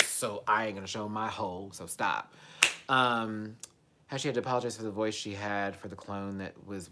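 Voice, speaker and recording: A woman hosting a live stream in a casual, chatty way, answering her viewers and swinging between excited outbursts and low mutters. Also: moderate pace, background noise. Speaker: livestream host.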